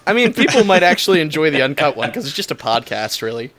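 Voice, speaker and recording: A man's voice: a little high, big pitch swings, quick pace, fairly bright tone. A man in a casual podcast chat, playful and wry, trading jokes with his co-hosts. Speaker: vocalist and co-host.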